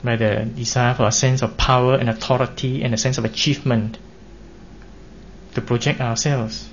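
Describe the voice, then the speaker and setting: A man preaching a sermon in an earnest, measured way, pressing his points with emphatic rises. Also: medium pitch, flat delivery. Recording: dull lo-fi recording with faint hiss.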